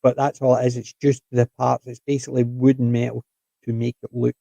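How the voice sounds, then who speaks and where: A man chatting on a podcast, rambling with enthusiasm. His voice is mellow and dark, and the sound is dry and close. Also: mid-range voice, level tone, fairly quick, creaky, no echo, lo-fi sound. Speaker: podcast co-host. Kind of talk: casual chat.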